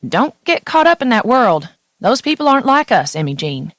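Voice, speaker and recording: A woman's voice: on the high side, sing-song, normal speed, no room sound, clean studio sound, pitched above the performer's own voice. A woman voicing a chatty middle-aged Southern mother with a Tennessee accent who dotes on her daughter over the phone. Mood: warning. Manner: doting, homespun, calls her daughter honey.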